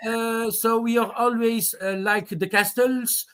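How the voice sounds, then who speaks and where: A man's voice: very high-pitched, steady tone, unhurried, few pauses, a bit bright. A man from Belgium on a video call in a heated live debate, restarting his points and swearing. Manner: repetitive, restarts with "the thing is", swears. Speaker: call-in panelist.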